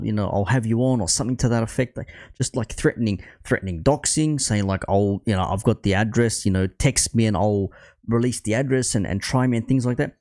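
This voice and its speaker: A man's voice: on the low side, darkish tone. A man hosting a football channel, ranting bluntly and swearing often. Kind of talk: ranting commentary.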